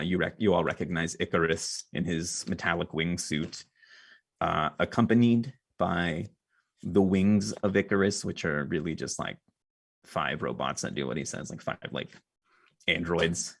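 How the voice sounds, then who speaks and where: Gravelly low-voiced man narrating. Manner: loose, filler-heavy, chatty. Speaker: game master. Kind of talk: narrating a tabletop game.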